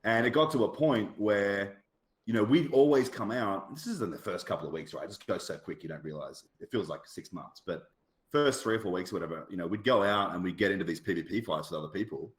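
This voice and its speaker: An Australian man appears as a podcast guest, telling a rambling, casual story packed with fillers and asides. His voice is lowish, expressive and quick, and the recording has a roomy echo.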